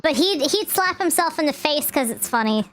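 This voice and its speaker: A woman's voice: high voice, expressive, normal speed, fairly bright tone. A young woman streamer chatting casually and laughing while she watches clips with a friend.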